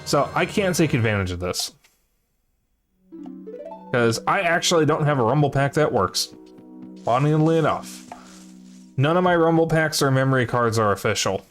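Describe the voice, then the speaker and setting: A man chats casually while streaming a game, rambling and self-deprecating. His voice sits at an ordinary mid pitch. He talks in an easygoing, offhand way. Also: lively intonation, moderate pace, pauses often, faint music behind.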